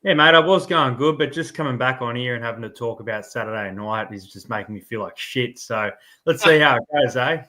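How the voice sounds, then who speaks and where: Bright-voiced sheepish Australian man. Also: mid-range voice, a little fast. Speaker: podcast panelist. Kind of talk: casual chat.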